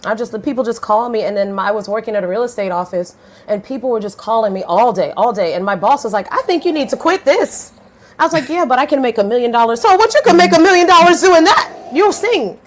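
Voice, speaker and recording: A woman in her thirties, a podcast guest telling her story in a lively, blunt way, swearing casually and switching voices when she quotes people. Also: quick pace, slight background noise. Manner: animated, swings pitch widely when quoting others.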